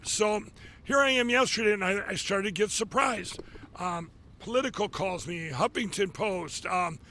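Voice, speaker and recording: A middle-aged man hosting a live show from his office, rambling casually with many fillers and restarts, getting excited as he talks. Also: high-pitched. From Minnesota. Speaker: show host. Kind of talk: casual live monologue with ad pitches.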